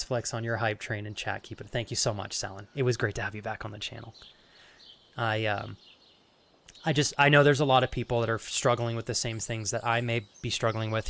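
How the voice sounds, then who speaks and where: A live streamer talking to his chat, holding back tears, halting and earnest, swearing as he goes. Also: on the low side, fairly bright tone. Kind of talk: emotional talk to stream chat.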